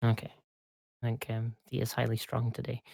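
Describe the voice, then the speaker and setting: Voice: mid-range voice, monotone, moderate pace, creaky, dark tone, no room sound. A tired player in a tabletop game who talks chattily and laughs between lines. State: overtired. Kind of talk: playing a character in a tabletop game.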